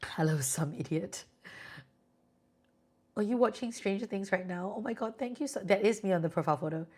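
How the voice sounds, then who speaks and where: A woman's voice: medium pitch, quick pace, darkish tone. A Singaporean woman doing tarot readings on a live stream, chatty and reassuring with viewers. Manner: chatty, reassuring, sprinkles "lah". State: sleepy, yawning.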